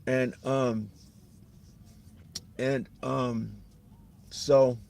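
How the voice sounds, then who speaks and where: A man's voice: medium pitch, fairly even intonation, extremely slow, vocal fry, a little mellow. A middle-aged man talking on a casual livestream, rambling, repeating himself and losing his thread.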